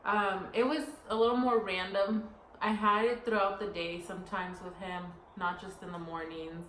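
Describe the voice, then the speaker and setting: Young woman, casual co-host, animated rambling storyteller; echoey room, faint hiss. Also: mid-range voice, moderate pace. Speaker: podcast co-host. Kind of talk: casual chat.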